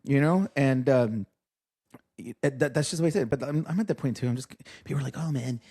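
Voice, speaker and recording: A man's voice: mid-range voice, brisk, warm tone, husky. A man hosting a podcast in casual chat, rambling and joking crudely. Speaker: podcast host.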